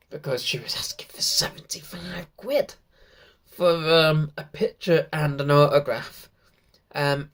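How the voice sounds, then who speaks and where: A man from Britain recapping a day out in a casual vlog, rambling and excited, with many restarts. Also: a little high. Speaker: YouTuber.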